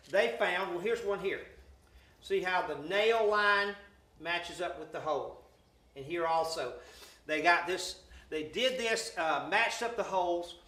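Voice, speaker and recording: Loud folksy Southern man, echoey room. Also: high voice. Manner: loud, folksy, explaining while pointing things out. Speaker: restoration guide. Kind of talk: casual guided walkthrough. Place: among old wooden building pieces.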